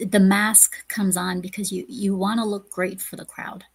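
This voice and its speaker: A woman with a creaky, husky voice speaks as a guest on a casual podcast. She talks haltingly and keeps restarting her sentences as she searches for words. Her pitch sits in an ordinary middle range. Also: flat delivery. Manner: halting, hesitant, many restarts. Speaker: guest streamer.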